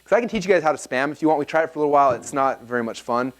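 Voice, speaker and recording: A man's voice: on the high side, racing. A man speaking to a live seminar audience, telling a personal story and acting out the dialogue with lots of energy. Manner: animated, acts out quoted dialogue.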